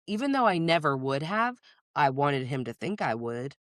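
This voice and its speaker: A woman's voice: lowish voice, expressive, normal speed, no room sound, clean studio sound. A woman therapist hosting a podcast, speaking in candid casual chat, blunt and profane and laughing often.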